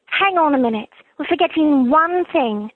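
A woman's voice: high-pitched, lively intonation, moderate pace, no echo. A woman from Florida voicing a clever teenage schoolgirl witch in a put-on British accent, earnest and reassuring. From Florida, USA. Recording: tinny phone-like, dry.

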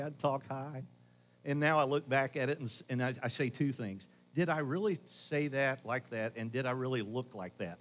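A middle-aged pastor preaching a sermon, talking to the congregation in a conversational way, swinging between loud emphasis and quiet asides. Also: male voice, mid-range voice, moderate pace.

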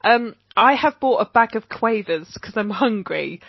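A woman's voice: on the high side, lively intonation, a little slow, gravelly, no room sound. A woman chatting casually on a video call podcast, laughing often and swearing casually while she recaps a TV episode. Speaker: podcast co-host. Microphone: own mic on a video call. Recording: dull lo-fi dry sound.

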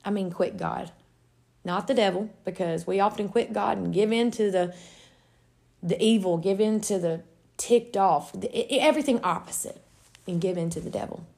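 A woman's voice: mid-range voice, normal speed, vocal fry, darkish tone. A woman giving an earnest, heartfelt faith-based encouragement talk. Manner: earnest, heartfelt, with some restarts. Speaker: devotional speaker.

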